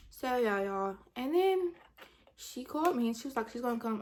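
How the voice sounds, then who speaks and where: A woman's voice: a little high, quick pace, slight background noise. Young woman telling a storytime with AAVE. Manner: animated, dramatic retelling with acted-out quotes; drops to a whisper for asides. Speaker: vlogger. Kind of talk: casual storytime chat.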